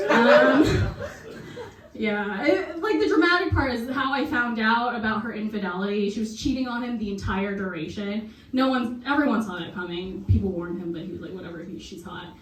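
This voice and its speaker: A young woman performing a deadpan stand-up set, laughing at her own jokes. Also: fairly high pitch, normal speed, a little hiss or hum. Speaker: stand-up comic. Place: basement comedy show. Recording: echoey basement, far from mic, crowd. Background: audience laughter.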